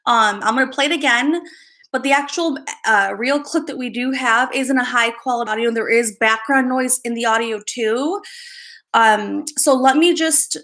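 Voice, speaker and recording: A woman's voice: on the high side, pushed and bright. Breathless woman hosting a livestream. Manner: halting, repeats herself, checks on viewers. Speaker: psychic livestream host. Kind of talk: casual livestream chat.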